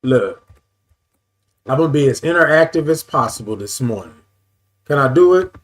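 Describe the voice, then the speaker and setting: A man hosts a relaxed morning live stream, calling out viewers by name in drawn-out, singing greetings and saying "y'all" a lot. While repeating his phrases, he adjusts the camera. His voice is medium in pitch and expressive.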